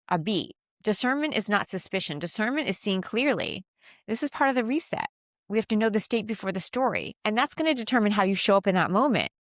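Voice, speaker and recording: A woman giving a calm, faith-based self-help talk on handling conflict. She teaches step by step and slows down to stress key phrases. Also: mid-range voice, no echo, clean studio sound. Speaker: communication coach.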